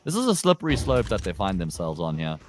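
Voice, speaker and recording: A low-pitched male esports caster calls the match live from a headset, his voice leaping upward whenever the action flares. A faint hiss of noise sits under the dry booth sound. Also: quick pace. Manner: animated, jumps high in pitch when excited, jokey. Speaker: esports commentator. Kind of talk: live game commentary.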